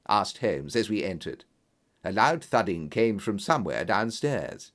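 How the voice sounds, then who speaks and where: Man, audiobook narrator, animated pitch, measured delivery, detective story. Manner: measured, expressive, voices each character.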